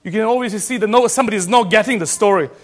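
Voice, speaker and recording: A man from Serbia preaching a sermon as pastor, animated and emphatic, often restarting his phrases. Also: sits high, racing.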